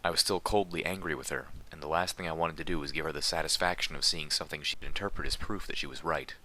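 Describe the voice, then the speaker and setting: A man reading a fan fiction story aloud in steady, even narration. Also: very deep voice, fast. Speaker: reader.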